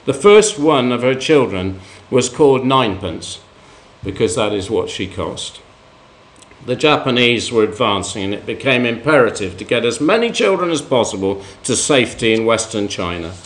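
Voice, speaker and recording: A man preaching a sermon, telling life stories, rising for emphasis and dropping low at the end of each point. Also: animated, moderate pace.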